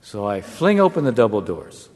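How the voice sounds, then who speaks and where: A man, a former negotiator, telling a wry anecdote to an audience in a measured way. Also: lowish voice, very animated, darkish tone. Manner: measured, wry storytelling with brief chuckles. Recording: long hall reverb.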